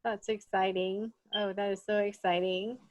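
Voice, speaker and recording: A woman hosting a podcast, asking an interview guest questions in an encouraging, unhurried way. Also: medium pitch, little pitch movement, a little mellow, dry recording. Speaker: podcast host.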